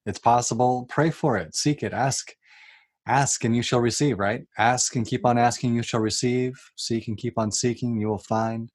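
A man hosting an interview, gentle and affirming, who prays for his listeners and quotes scripture. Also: mid-range voice, steady tone, normal speed, breathy edge. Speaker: podcast host. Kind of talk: prayerful interview talk.

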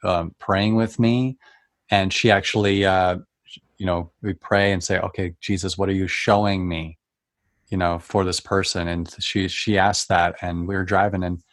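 Man, low voice, earnest and emotional testimony, halting delivery, dry close mic. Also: flat delivery, no echo. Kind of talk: Christian testimony in conversation.

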